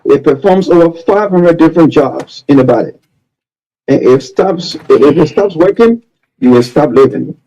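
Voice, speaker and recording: A man's voice: a little high, expressive, moderate pace, mellow, muffled recording. A man presenting a health tip segment, repeating and stressing his key points. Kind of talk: radio health advice segment.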